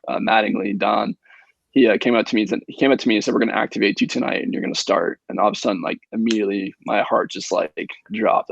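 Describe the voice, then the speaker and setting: Low gravelly young man telling stories. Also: no echo, lo-fi sound. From Indiana. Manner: relaxed, filler-heavy storytelling with many ums. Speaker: guest, professional baseball pitcher. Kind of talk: casual podcast storytelling.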